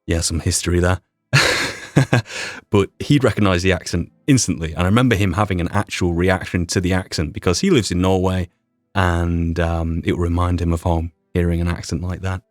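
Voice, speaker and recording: A man's voice: low-pitched, fairly even intonation, normal speed, no echo, studio quality. A young man with a Yorkshire accent, hosting a casual podcast retrospective in a rambling, self-deprecating way with mild swearing. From Yorkshire, England. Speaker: podcast host and mod creator.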